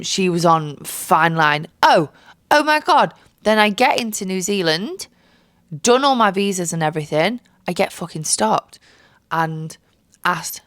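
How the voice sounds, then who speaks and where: Low-voiced tired woman, sweary chat. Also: fairly bright tone, no echo, studio quality. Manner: chatty, sweary, jokey storytelling. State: tired, jet-lagged, with a stuffy cold. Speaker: podcast host. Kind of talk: casual chat. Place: bedroom.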